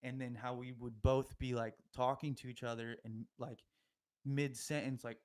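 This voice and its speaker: A man's voice: medium pitch, level tone, normal speed, darkish tone. A young man telling a long story on a podcast in a casual, slangy, rambling way, often laughing as he goes.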